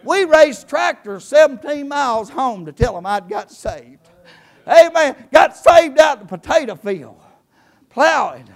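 An older man preaches in church in a strikingly high voice. He swings between fervent shouts and low, quiet stretches. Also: big pitch swings, measured pace, creaky. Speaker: pastor. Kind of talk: sermon.

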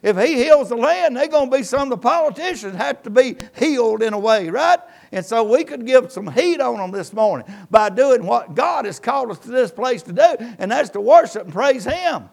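A pastor delivers a church sermon, his voice pitched high for a man and full of gravelly fry. He quotes scripture and swells and drops his emphasis as he preaches. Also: animated, moderate pace, few pauses. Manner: preaching with rising and falling emphasis, quoting scripture.

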